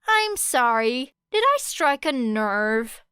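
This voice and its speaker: A sharp-tongued teenage girl who taunts with slow, deliberate bite, as a woman reads her in an audiobook. The voice sits fairly high and smooth. The recording is close and dry. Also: very animated, dry recording, heavily acted. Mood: biting. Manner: taunting, biting.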